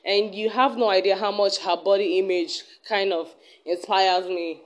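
Casting: young woman vlog host, mid-pitched, chatty and earnest, loose unscripted delivery with restarts. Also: steady tone, moderate pace. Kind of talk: casual self-talk vlog.

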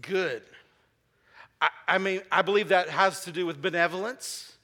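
High, bright-voiced preacher in a reverberant hall. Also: male voice, moderate pace. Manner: call-and-response preaching, asking the congregation questions; repeats key phrases for emphasis. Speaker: pastor. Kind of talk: sermon. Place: church sanctuary. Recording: long reverb of a large hall.

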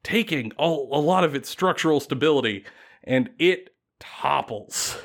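A man casually retelling a fantasy battle story on a podcast, animated and laughing often. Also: a little high, unhurried.

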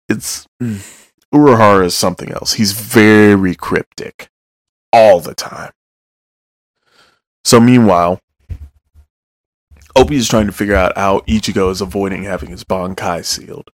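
A man's voice: fairly low pitch, unhurried, pauses often, no echo, studio quality. A man giving a loose, joking recap of manga chapters, with casual asides and some swearing.

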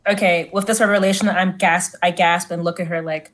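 A woman's voice: fairly low pitch, steady tone, brisk. A woman playing a tabletop game in character, eager and gushing, tripping over her words. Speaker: player.

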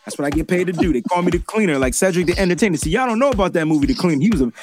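A man hosting a casual sports talk show, talking in an animated, emphatic way and repeating his points. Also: high-pitched, racing, faint music behind.

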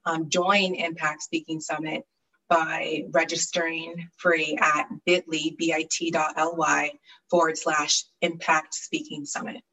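A brisk woman guest in a casual interview, with a slightly low voice. She sounds set back from the microphone. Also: little pitch movement, pushed and bright, distant mic, poor audio. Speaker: guest speaker.

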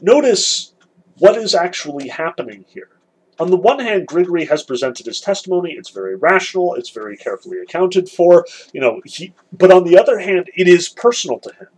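Husky man explaining a novel. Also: high voice, very animated, brisk, low-quality recording. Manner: explanatory, weighs both sides repeatedly. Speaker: literature teacher. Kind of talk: recorded lecture.

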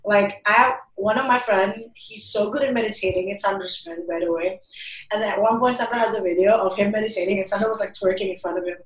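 A woman's voice: mid-range voice, steady tone, fast. Young woman podcaster in an echoey room. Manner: loose, rambling, swearing, mixing in Indonesian. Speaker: podcast co-host. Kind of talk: casual chat.

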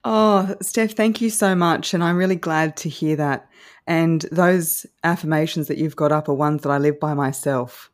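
Young woman, speaking coach, bubbly and confident, slightly low voice. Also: fairly even intonation, moderate pace. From Australia. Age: young adult. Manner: bubbly and confident, laughs easily. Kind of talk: podcast interview.

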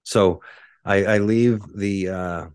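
A man's voice: lowish voice, fairly even intonation, takes it slowly, smooth, no echo, clean studio sound. A man from Texas, a podcast host, telling rambling casual stories full of "like" and casual swearing. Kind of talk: casual storytelling.

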